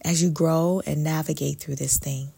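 A woman coaching on faith and abundance in a soft, meditative way, often dropping to a whisper for emphasis. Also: low-pitched, steady tone, normal speed, creaky, husky, no room sound. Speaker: spiritual life coach. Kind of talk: slow reflective faith talk to camera.

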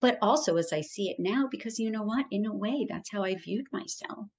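Woman podcast guest, earnest and emphatic, encouraging tone, mid pitch. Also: lively intonation, fairly quick, a little mellow, a little hiss or hum. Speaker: podcast guest, wellness coach. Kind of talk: conversational interview.

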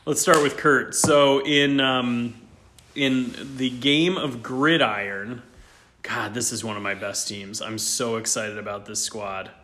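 A man's voice: medium pitch, steady tone, takes it slowly, bright, forceful tone, a little hiss or hum. A man co-hosting a podcast in casual chat, upbeat and eager, stopping and restarting as he talks. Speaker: podcast co-host.

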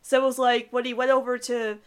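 A woman co-hosts a casual podcast reviewing cartoon episodes, chatty and giggly, often trailing off with filler words. Her voice is on the high side and level in tone, with a brisk pace and a clean sound.

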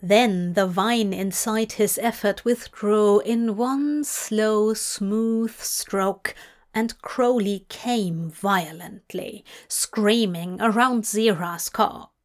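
A woman narrating a fan story in a slow, measured reading voice. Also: mid-range voice. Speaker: audiobook reader. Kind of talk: scripted narration.

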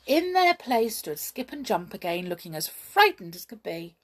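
A woman reading a children's story aloud as narrator, with expressive, lively storytelling. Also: medium pitch, moderate pace.

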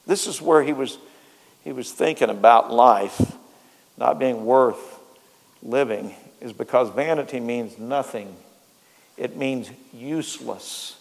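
Man preaching in a reverberant hall. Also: mid-range voice. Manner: repeats phrases for emphasis, swings between soft and loud. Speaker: pastor. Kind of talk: sermon. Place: church sanctuary.

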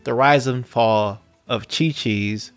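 A man's voice: mid-range voice, slow pace, dry recording, faint music behind. A man co-hosting a podcast casually, mostly reacting with short quips and jokes. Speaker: podcast co-host.

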